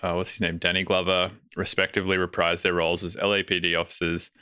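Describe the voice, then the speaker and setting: Deep, crisp Australian man, laid-back. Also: little pitch movement, fast talker, sharp tone, dry recording, clean studio sound. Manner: laid-back, swears casually. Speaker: podcast guest. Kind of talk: casual chat.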